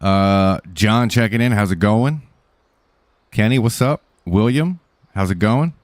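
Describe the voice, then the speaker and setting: A man's voice: on the low side, unhurried, no echo, clean studio sound. A man casually greeting viewers by name and answering chat during a live stream, joking in a laid-back way.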